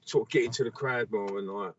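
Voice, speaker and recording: A comedian from England co-hosting a podcast over a video call, with laid-back, sweary banter. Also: male voice, fairly low pitch, fast talker, slight background noise. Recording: muffled, dry call audio.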